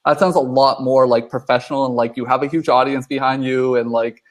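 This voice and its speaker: A man's voice: mid-range voice, flat delivery, a little fast. Chatty man coaching with constant fillers. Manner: rambling, filler-heavy, coaching tone. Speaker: conference speaker giving advice. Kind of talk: casual video group chat.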